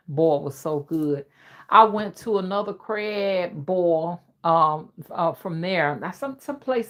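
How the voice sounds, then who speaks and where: A middle-aged woman with a slow, old-fashioned Southern drawl hosts a casual livestream. Her voice sits low for a woman, and she chats loosely with her viewers, reading their comments aloud and laughing along. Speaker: livestream host.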